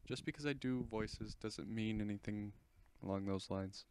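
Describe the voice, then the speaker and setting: His voice is on the low side, darkish and clean, moving at a moderate pace. The speaker is a teenage host giving casual screen-recording commentary on an install, chatty and rambling with frequent self-corrections.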